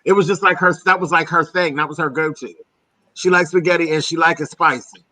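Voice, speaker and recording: Man, from Pennsylvania, casual chat host, bright sharp voice, breezy laughing talk. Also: on the high side, fairly even intonation, brisk, dry recording. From Pennsylvania, USA. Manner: chatty, laughing, calls listeners honey and girl.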